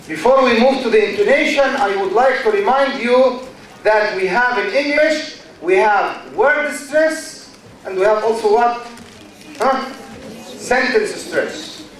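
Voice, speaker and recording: A man teaches in a big echoing hall, heard from a distance. His voice sits high and he speaks slowly, repeating words and firing questions at his students. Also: a bit bright, a little hiss or hum. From Egypt. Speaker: university lecturer. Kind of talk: classroom lecture. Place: lecture hall. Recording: echoey hall, distant mic.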